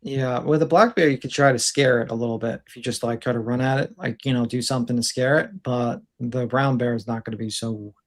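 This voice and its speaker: Brief: man co-host, mid-pitched, rambling and chatty, storytelling with restarts. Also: steady tone, fairly quick, hardly any pauses. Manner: rambling storyteller, gives advice. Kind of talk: casual chat.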